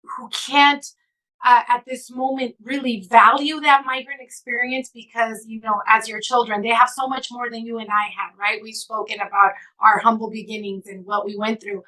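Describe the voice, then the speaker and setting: Being interviewed as a guest, a California author tells stories earnestly and emotionally, dropping into Spanish phrases now and then. Her sharp voice sits on the high side, with a level tone and a normal pace. The audio quality is low.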